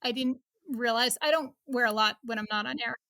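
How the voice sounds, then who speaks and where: Gravelly, bright-toned woman in her fifties. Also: on the high side, fairly quick, dry recording, studio quality. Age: 50s. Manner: chatty, laughs often, many restarts and fillers. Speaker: guest, TV news reporter. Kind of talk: casual interview chat.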